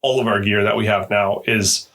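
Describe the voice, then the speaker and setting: Gravelly-voiced man telling hunting stories. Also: on the low side, fairly even intonation, moderate pace, a bit bright. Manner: repeats words while telling stories. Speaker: podcast guest. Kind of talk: casual storytelling.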